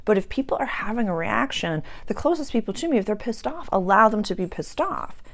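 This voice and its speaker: A woman's voice: mid-range voice, fairly quick. A woman hosting her own spiritual channel, talking casually and chattily about personal growth. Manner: chatty, animated, acts out quoted voices. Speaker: spiritual coach and channel host.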